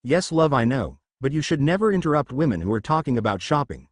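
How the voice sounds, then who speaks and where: A man's voice: mid-range voice, very animated, fast, no echo, studio quality. Man reading as Bella, a playful loving witch. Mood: teasing. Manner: teasing, affectionate.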